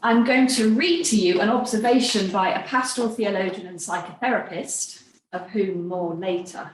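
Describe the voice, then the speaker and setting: A woman speaking to an audience in a room, talking slowly and carefully. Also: medium pitch. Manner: slow, careful reading. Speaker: speaker at a community event. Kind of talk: talk to a live and online audience. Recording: echoey room, mic from a distance, faint noise.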